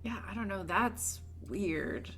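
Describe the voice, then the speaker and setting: A woman's voice: medium pitch, slow, a bit bright, faint music behind. A woman playing in a tabletop game, chatting playfully. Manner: playful, laughing. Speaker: player. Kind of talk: casual chat.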